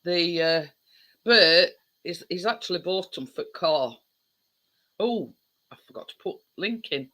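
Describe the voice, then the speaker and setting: Slow, bright-toned chatty woman. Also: lowish voice, expressive. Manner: rambling, chatty, lots of fillers. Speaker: livestream host. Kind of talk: casual chat with viewers.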